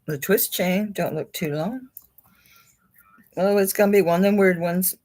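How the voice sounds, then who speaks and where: A woman's voice: lowish voice, moderate pace, darkish tone. A woman hosting a live jewelry auction stream, chatting casually, chuckling and talking to the pieces she holds.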